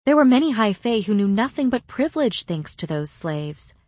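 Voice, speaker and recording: A woman's voice: medium pitch, sing-song, normal speed, darkish tone, no echo, clean studio sound. A woman reading an audiobook, voicing a careful, earnest young female fae noble in a raised voice. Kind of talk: audiobook character voice.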